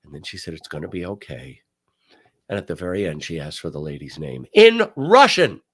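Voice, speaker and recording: Older male talk host, low voice, lively swooping delivery, emphatic. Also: a little fast. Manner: animated, emphatic storyteller. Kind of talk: casual commentary.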